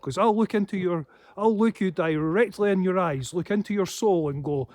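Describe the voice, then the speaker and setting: A man's voice: high-pitched, brisk, hardly any pauses, no room sound. Swearing man, rambling. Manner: heavy swearing, laughing to himself. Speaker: paranormal channel host. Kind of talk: casual rambling monologue.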